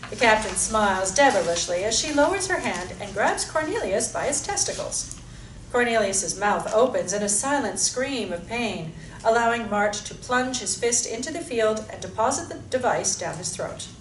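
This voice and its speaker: A woman reading stage directions aloud in an even, descriptive way. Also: a little high, moderate pace. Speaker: narrator. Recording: echoey room, mic far off, faint hiss.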